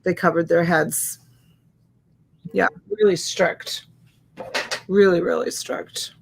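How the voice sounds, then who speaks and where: Slow-talking chatty woman hosting a live stream. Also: on the low side, fairly even intonation, vocal fry, background noise. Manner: chatty and warm, greets viewers by name and laughs often. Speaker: host of a live reseller sales stream. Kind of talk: casual live-stream chat reading viewer comments. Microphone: USB desk microphone.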